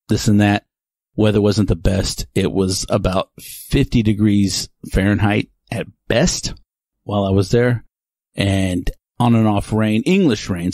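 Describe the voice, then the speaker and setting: A rambling man talks through his podcast in a loose, chatty monologue that keeps drifting off topic. His voice sits low. The sound is close and dry, with no room around it. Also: a little mellow, no echo. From Texas. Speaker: podcast host. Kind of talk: casual monologue.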